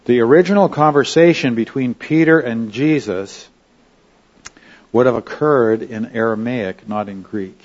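A man's voice: mid-range voice, a little slow, darkish tone, lo-fi sound. A man teaching a Bible study lesson in a conversational way, often checking in with his listeners.

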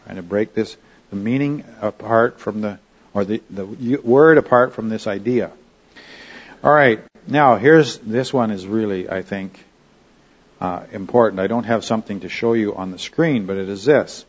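A man's voice: on the low side, normal speed, lo-fi sound. Man teaching a Bible study lesson. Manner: conversational, often checks in with the class.

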